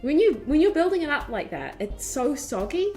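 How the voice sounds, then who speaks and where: Lively giggly woman streamer. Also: sits high, normal speed. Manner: animated storytelling, giggly, lots of "like". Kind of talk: casual chat. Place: home streaming setup. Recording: faint music behind.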